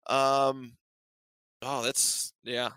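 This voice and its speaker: A man's voice: medium pitch, level tone, very slow, bright, forceful tone, clean tone, dry recording. A man co-hosting a podcast in casual chat, enthusiastic and rambling, laughing often. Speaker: podcast co-host.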